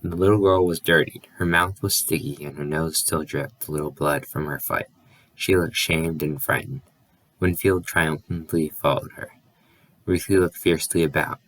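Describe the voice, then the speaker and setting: A man's voice: extremely low pitch, fairly bright tone, no echo. A man reading a novel aloud as an audiobook, with small slips and restarts. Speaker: audiobook reader.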